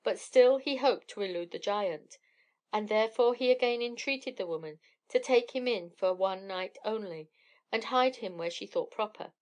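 A woman narrating a classic fairy tale in a measured, even storytelling manner. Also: mid-range voice.

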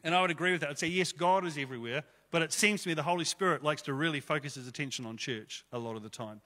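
Guy pastor giving a sermon, kinda high bright voice, chatty but punchy, church hall echo. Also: fast talker. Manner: conversational, emphatic preaching with rhetorical questions.

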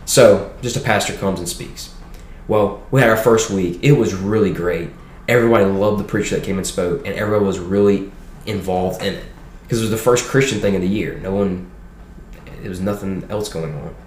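A young man guest sharing a personal testimony in an animated, quick storytelling way. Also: low voice. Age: young adult. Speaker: podcast guest. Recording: roomy room echo with faint noise.

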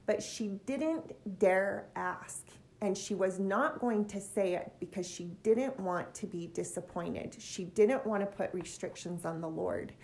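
A woman's voice: medium pitch, gravelly. Middle-aged woman, earnest scripture teacher, casual and heartfelt.

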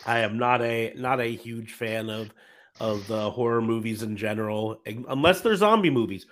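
A man in his thirties hosts a loose podcast chat, winding down the episode. He talks in an easygoing, meandering way, full of fillers and restarts. His voice sits at an ordinary middle pitch. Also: moderate pace. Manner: relaxed, rambling with many fillers. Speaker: podcast host.

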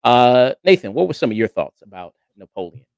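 A man's voice: medium pitch, sing-song, brisk, vocal fry, darkish tone, no echo. A man hosting a casual review chat, talking in a rambling way with lots of hesitant fillers. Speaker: podcast host.

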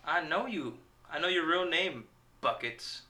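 A podcast host who trades teasing, rapid-fire banter with his co-host. The voice sits at a middle pitch and comes across bright and forceful. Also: lively intonation. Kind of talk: teasing casual chat.

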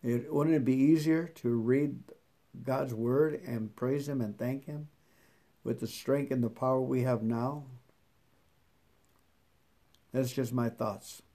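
Slow, deliberate man reading devotions. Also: medium pitch, fairly even intonation, dark tone. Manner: slow, deliberate reading that repeats scripture verses; halting and stammering in his own comments. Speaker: truck driver reading a devotional book aloud. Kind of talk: devotional reading with personal comments.

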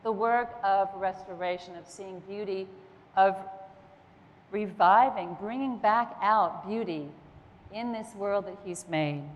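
A woman preaching a sermon in a church, earnest and emphatic, with slow pauses between phrases. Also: mid-range voice, highs cut off. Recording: long hall reverb.

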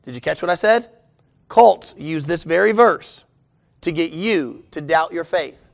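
High-voiced preacher asking the congregation questions. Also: male voice, animated, a little slow, vocal fry. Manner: emphatic, rhetorical questions to the congregation. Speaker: pastor. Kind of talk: sermon.

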